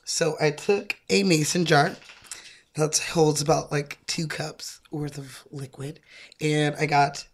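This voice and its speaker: A woman's voice: low voice, flat delivery, slow. A young woman co-hosting a casual chat, explaining drinks in a laid-back, rambling way with frequent laughs. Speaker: co-host making cocktails.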